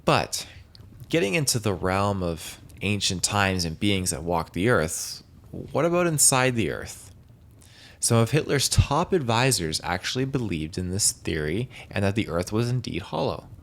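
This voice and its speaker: A man's voice: on the low side, sing-song, unhurried, gravelly, a bit bright. A man hosting a solo podcast, talking casually in a rambling way with frequent restarts. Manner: rambling, with restarts and hedging words. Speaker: podcast host.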